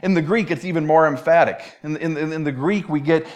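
A man's voice: a little high, a little fast. A man preaching a sermon in a conversational, emphatic way, often repeating words as he restarts. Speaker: pastor.

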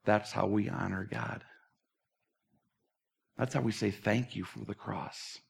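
A man preaching a sermon as pastor, earnest and candid, moving from animated talk to a hushed closing prayer. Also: fairly low pitch, slow, gravelly, husky.

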